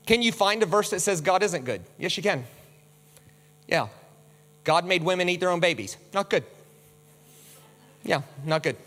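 A man preaching a sermon with slides, animated, who acts out the voices he quotes with big swings. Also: high voice, normal speed, pauses often. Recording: long hall reverb.

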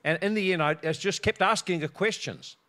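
A man's voice: sits high, fairly quick, bright, forceful tone. Laughing preacher man telling a story. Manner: laughs often, storytelling, repeats words. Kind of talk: sermon with personal story.

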